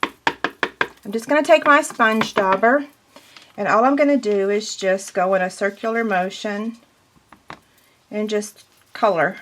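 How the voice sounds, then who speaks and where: A woman's voice: medium pitch, a little slow, pauses often, fairly bright tone. A woman giving a casual step-by-step paper crafting tutorial, chatty and self-deprecating as she works.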